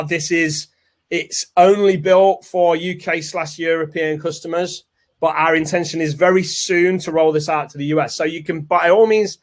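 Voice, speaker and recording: Guy hosting a live launch webinar, slightly higher voice, upbeat sales chat. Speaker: webinar host.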